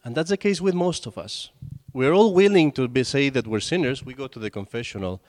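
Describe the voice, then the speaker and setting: A man's voice: medium pitch, brisk, darkish tone. A man, a priest, giving a conversational sermon and telling stories with acted quotes. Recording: long hall reverb.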